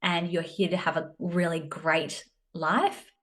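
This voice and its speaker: A woman's voice: on the low side, steady tone, slow pace, a bit bright. A woman in her thirties with an Australian accent, hosting a solo business podcast in a chatty, self-deprecating way. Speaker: podcast host, business coach. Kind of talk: casual solo podcast talk.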